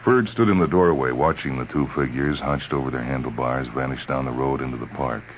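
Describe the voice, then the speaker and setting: A man narrating a story in a measured, dramatic reading on a tinny old radio recording. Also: a bass voice, slight background noise.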